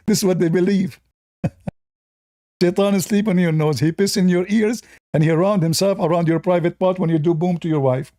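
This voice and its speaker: A man's voice: on the high side, dark tone, no echo, clean studio sound. Sarcastic man in broken English. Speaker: religion commentator. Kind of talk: casual mocking monologue.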